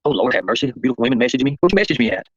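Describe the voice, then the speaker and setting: Fast-talking confrontational man. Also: medium pitch, expressive, a bit bright, dry recording, highs cut off. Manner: confrontational, addresses viewers and chat by name. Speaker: livestream host. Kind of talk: rambling livestream monologue.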